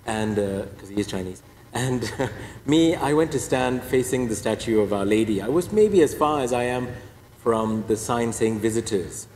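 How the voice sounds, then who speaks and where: A man's voice: mid-range voice, expressive, moderate pace, darkish tone, a little hiss or hum. Man priest in an echoey hall. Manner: storytelling, wry and self-deprecating. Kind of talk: personal testimony talk.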